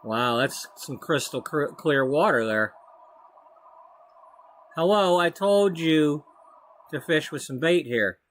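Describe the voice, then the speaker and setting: A man's voice: fairly high pitch, lively intonation, slow pace, pauses often, a bit bright, slight background noise. A man giving casual, rambling commentary as he plays a life-sim game. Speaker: let's play host.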